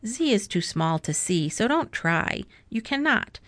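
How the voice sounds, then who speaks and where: A big storybook cat who boasts and bosses everyone around, put on by a woman reading aloud. The lines come slowly and showily. The sound is dry and close. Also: medium pitch, big pitch swings, a bit bright, no room sound. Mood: boastful. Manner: showy, boasting, bossy.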